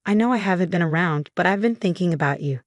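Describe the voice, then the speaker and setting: A woman reading the lines of a desperate, pleading middle-aged father in a narrated story, in a lowish voice with little change. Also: animated, fast, dry recording, natural voice. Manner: pleading, voice cracking.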